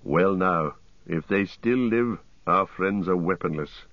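A man playing a weary grim ranger leader, low and grave. The deep voice stays heavy and tired, heard through a dry, slightly dull audiobook recording. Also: slow, dry recording.

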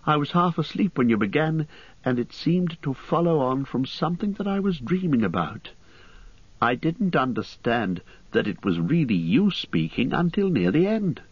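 A man doing a soft-spoken young hobbit. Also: a little high, big pitch swings, moderate pace, husky, dry recording, pitched above the performer's own voice. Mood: thoughtful. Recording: dry, slightly muffled studio audio.

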